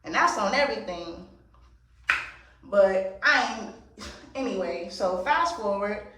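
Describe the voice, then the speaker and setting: A woman's voice: medium pitch, expressive, takes it slowly, recorded from a distance, background noise. A woman vlogger telling a story in a casual get-ready-with-me chat, blunt, profane and emphatic. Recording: very echoey room, voice set back from the mic.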